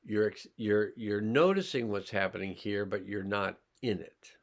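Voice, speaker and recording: A man teaching a healing class, slowly and calmly talking listeners through sensing their body and emotions. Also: on the low side. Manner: slow, calm, pausing, guiding listeners' awareness. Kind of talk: slow guided healing demonstration.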